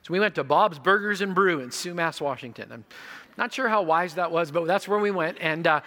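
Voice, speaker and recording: A male pastor preaching a sermon, telling stories and moving between quiet moments and loud emphasis. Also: a little high, fairly quick.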